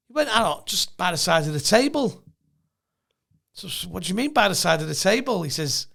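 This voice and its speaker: A man with a high, creaky voice tells comic stories on a podcast at a moderate pace, leaving long pauses. He's a comedian and co-host who laughs often and acts out the voices of those he quotes.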